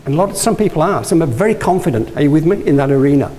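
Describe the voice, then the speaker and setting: This guest speaker from Yorkshire talks very fast and animatedly in a warm, high-leaning voice, though the recording is rough. His motivational talk mixes anecdotes with questions to the audience, and he keeps restarting and correcting himself.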